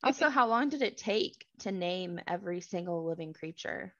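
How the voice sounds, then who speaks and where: A woman co-hosting a podcast who reads scripture aloud slowly and deliberately, with pauses between the phrases. Between passages she chats casually. The recording is dry and slightly dull, with no room echo. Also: lowish voice, expressive, a bit bright. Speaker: podcast co-host and scripture reader. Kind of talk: casual chat with scripture reading.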